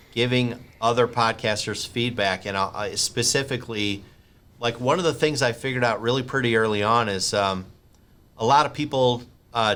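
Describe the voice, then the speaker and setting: A man hosts a podcast interview over a remote call. His voice is bright and forward, at a middle pitch. He rambles warmly into tangents and animated asides. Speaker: podcast host. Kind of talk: interview chat.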